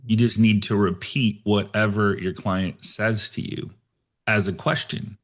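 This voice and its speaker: Man, show host, low voice, laid-back, says bro a lot. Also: steady tone, unhurried. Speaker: podcast host. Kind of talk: casual video call chat.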